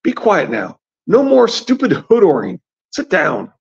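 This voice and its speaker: A man's voice: high voice, wildly swooping pitch, unhurried, gravelly, slightly rough, voice pushed up, heavily acted. A man voicing a scared but proud young boy prince in a lightly raised boyish voice. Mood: anxious. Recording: dull lo-fi recording.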